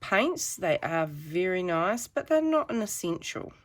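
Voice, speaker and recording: A woman's voice: on the low side, big pitch swings, a little slow. A woman giving a chatty, rambling painting tutorial with self-deprecating asides. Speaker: art teacher.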